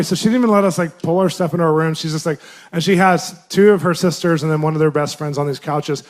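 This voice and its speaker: A man with a slightly high voice tells his testimony as a minister. He speaks with animation and laughs often. His pitch leaps up whenever he acts out his own surprised reactions. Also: rapid-fire. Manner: lively, laughs often, voice jumps up for quoted reactions. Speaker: Christian minister sharing a testimony. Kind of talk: animated personal storytelling.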